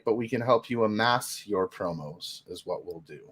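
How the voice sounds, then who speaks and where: A man's voice: fairly low pitch, moderate pace, fairly bright tone, slightly rough, dry recording. A man co-hosting a casual livestream show, chatting in an upbeat way. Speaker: co-host.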